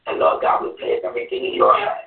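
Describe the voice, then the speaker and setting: A woman on a church group call, telling her testimony and leading a fervent spoken prayer full of repeated invocations. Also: quick pace. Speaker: evangelist, church member. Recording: distant echoey phone-line audio.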